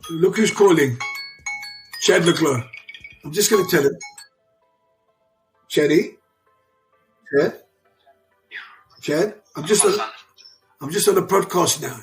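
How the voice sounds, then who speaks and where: A man's voice: a little high, moderate pace, pauses often, soft background music. A man in his sixties, an interview guest, telling personal stories emphatically and repeating himself for weight. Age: 60s. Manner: emphatic and repetitive, restarts sentences. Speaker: interview guest, father of a champion. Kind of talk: emotional storytelling in conversation.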